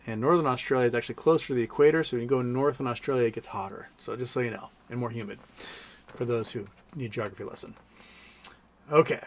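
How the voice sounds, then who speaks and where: A man hosting a loose, rambling livestream from home. He reads viewer messages aloud and swears casually. His voice sits at an ordinary middle pitch. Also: creaky, slight background noise. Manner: baby-talk coaxing to his pets. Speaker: livestream host.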